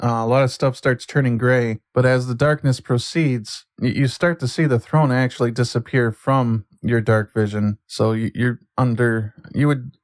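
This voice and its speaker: A man's voice: mid-range voice, steady tone, dry recording. Man running a tabletop game. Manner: slow, deliberate scene narration with hesitant fillers. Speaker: game master.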